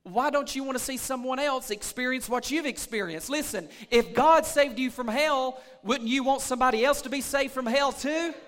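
A pastor delivers a sermon to his church in a strikingly high, bright man's voice. He moves from plain talk into loud, hollered preaching. The sound carries the long reverb of a large sanctuary. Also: normal speed, hardly any pauses. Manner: preaching that builds from calm to shouting.

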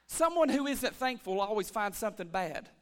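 A man preaching a lively church sermon as pastor, calling for amens and swinging between shouts and hushed asides. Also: high-pitched, normal speed. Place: church sanctuary.

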